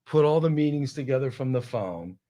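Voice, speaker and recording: A man telling a casual, animated comic story on a talk show, full of exasperation. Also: mid-range voice, brisk.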